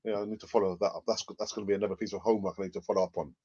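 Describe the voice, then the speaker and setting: A man's voice: lowish voice, steady tone, rapid-fire, darkish tone, breathy edge, dry recording, highs cut off. Rambling man hosting a live chat stream. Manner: rambling and hesitant, full of fillers and restarts, chuckling often. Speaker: fan channel host. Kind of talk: live stream chat, reading viewer comments.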